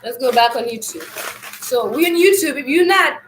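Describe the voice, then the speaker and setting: A woman hosting a live stream, giving a loose, rambling spiritual talk in a loud voice, often clearing an irritated throat and addressing viewers as family. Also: high voice, expressive, moderate pace, echoey room, a little hiss or hum, rough recording.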